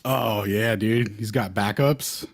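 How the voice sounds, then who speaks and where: A man's voice: lowish voice, slow, dry recording. A man telling stories in a casual online group voice chat, laughing often and acting out what others said. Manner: laughing, animated storytelling. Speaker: discussion participant. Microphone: online audio call.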